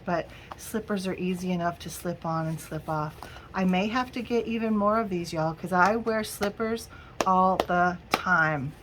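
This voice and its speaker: A middle-aged crafting vlogger with a medium-pitched voice chats and giggles through a haul video at home, calling viewers "y'all." A little hiss or hum can be heard.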